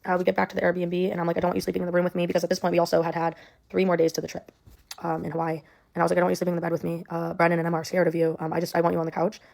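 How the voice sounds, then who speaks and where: A woman's voice: fairly low pitch, monotone, very fast, creaky, a little mellow. A young woman telling a personal story in a rambling way, full of "like" and "um". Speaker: storyteller in a clip.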